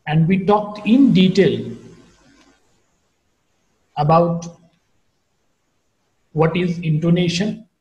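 A man lectures on phonetics at a slow, careful pace. His high voice has a mellow, dark tone. The recording carries a roomy echo. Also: lo-fi sound. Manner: slow, deliberate teaching with wide pitch swings.

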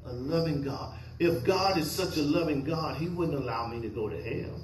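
A man's voice: fairly high pitch, normal speed, a little hiss or hum. A male pastor preaching a sermon, questioning his congregation and waiting for answers. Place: church sanctuary. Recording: echoey church hall.

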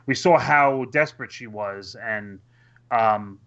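A man's voice: medium pitch, takes it slowly, a bit bright. A man co-hosting a podcast in casual chat, talking loosely with many fillers and hesitations. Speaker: podcast co-host. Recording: dull lo-fi sound.

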